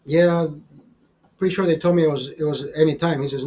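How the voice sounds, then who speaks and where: A fifty-year-old man rants through a rambling story, cursing freely and sounding fed up. His voice sits a bit high for a man. A faint hiss of background noise sits under the recording. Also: steady tone, a little fast, darkish tone, rough recording. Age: 50s. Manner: profane, exasperated, rambling. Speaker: show host. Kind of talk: casual storytelling rant. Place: small studio.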